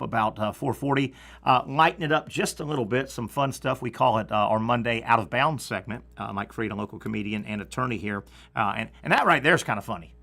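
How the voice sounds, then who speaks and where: A man's voice: mid-range voice, fairly bright tone. A man with a Southern accent hosting a sports radio show, chatting casually and joking, with many restarts.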